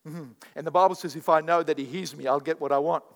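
A man preaching a sermon, swinging between loud proclamations and quieter asides. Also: a little high, fairly even intonation, fast talker, gravelly, long reverb tail. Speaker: pastor.

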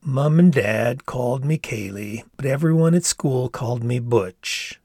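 A man's voice: medium pitch, a little slow, a little mellow, slightly rough, no room sound, studio quality. A man voicing a flamboyant young man in a storybook reading, with a theatrical, sing-songy game-show delivery. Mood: playful. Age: young adult.

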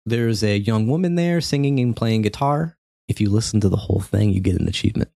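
A man in his forties casually recapping a video game for a podcast, telling the story with animated energy and frequent laughter. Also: on the low side, fairly quick, vocal fry, dry recording, clean studio sound. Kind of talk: casual chat.

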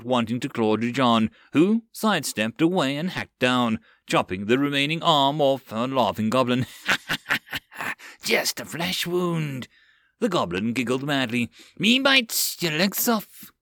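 A man's voice: medium pitch, a bit bright, dry recording, clean studio sound. A man narrating an audiobook of a web novel with dramatic storytelling.

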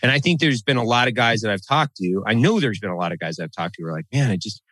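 A man talking bluntly and with a lot of swearing in a casual podcast chat, getting animated when he rants. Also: on the low side, racing, dry recording.

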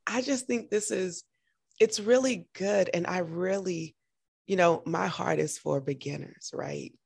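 A woman's voice: lowish voice, measured pace, gravelly, a little mellow, slightly rough. A woman hosting a podcast, talking earnestly and emotionally to encourage beginners in a casual interview. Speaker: podcast host.

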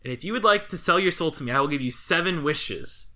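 Podcast bit: a man camping up a sultry female devil with a put-on Australian accent, pitched up. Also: animated, quick pace, bright, forceful tone.

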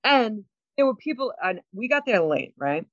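Lively storytelling woman podcaster. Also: on the high side, dry recording, highs cut off. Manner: animated storyteller, laughs often, quick asides. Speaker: podcast co-host. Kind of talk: casual chat.

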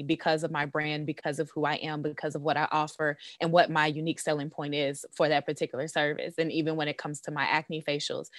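A woman from the United States, an esthetician who owns a beauty business and coaches others, speaks confidently as a podcast interview guest, saying "you know" a lot. Her voice is low-pitched and fairly bright, recorded cleanly in a studio with no room sound.

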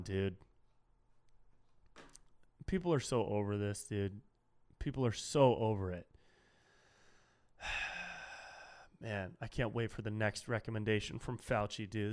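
A man hosting a solo podcast, ranting sarcastically and saying dude a lot. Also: medium pitch. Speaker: podcast host.

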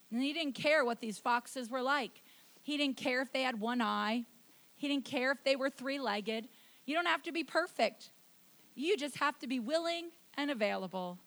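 A woman's voice: high-pitched, fairly bright tone. A woman preacher delivering a fervent sermon, with emphatic, repetitive phrasing.

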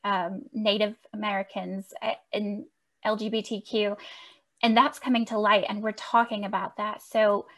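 A woman hosting a podcast interview, speaking in a thoughtful, measured way as she leads into her questions. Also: medium pitch, little pitch movement, fairly bright tone. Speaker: podcast host.

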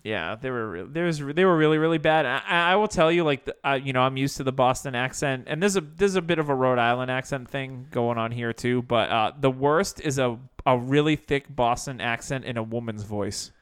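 A man's voice: mid-range voice, brisk, few pauses, clean tone, dry recording, clean studio sound. A man co-hosting a podcast in casual chat, wisecracking and swearing freely. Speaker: podcast co-host.

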